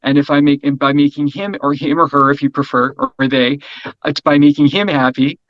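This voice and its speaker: A middle-aged man talking as an interview guest in a casual, energetic way, rambling, restarting and asking "right?" often. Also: fairly high pitch, a little fast, no echo, highs cut off. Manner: energetic, rambling, repeats words, frequent "right?".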